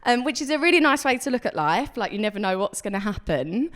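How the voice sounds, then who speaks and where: A woman's voice: a little high, sing-song, fast, fairly bright tone. A woman performing a stand-up comedy set on a club stage, chatty and self-deprecating, acting out the voices of people she quotes. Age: 30s.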